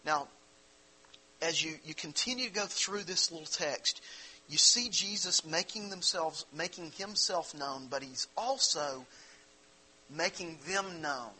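A man's voice: a little high, sharp tone, husky, low-quality recording. A man preaching a sermon, explaining a Bible passage in a conversational way and asking his listeners rhetorical questions. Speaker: pastor.

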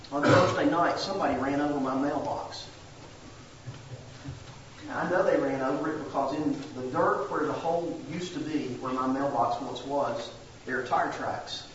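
A man's voice: mid-range voice, steady tone, moderate pace, long pauses, slight background noise. A man preaching a sermon as a pastor, earnest and plain-spoken, with homey asides. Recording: very echoey church sanctuary, distant mic, dull.

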